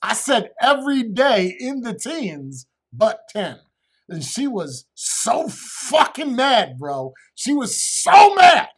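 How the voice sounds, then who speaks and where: A man's voice: very high-pitched, wildly swooping pitch, slow pace, a bit bright, husky. A middle-aged man telling crude, rambling comic stories to a live chat and swearing constantly. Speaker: comedian streamer.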